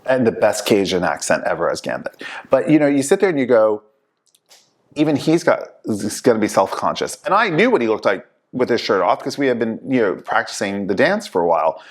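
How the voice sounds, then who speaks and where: Lower-pitched man telling animated stories. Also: fairly quick. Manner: animated storyteller, acts out quoted people. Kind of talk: casual chat.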